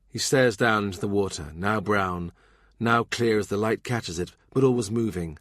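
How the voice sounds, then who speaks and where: A man narrating a historical novel in a measured, unhurried reading. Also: lowish voice, fairly bright tone, no echo, studio quality. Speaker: audiobook narrator. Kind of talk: scripted narration.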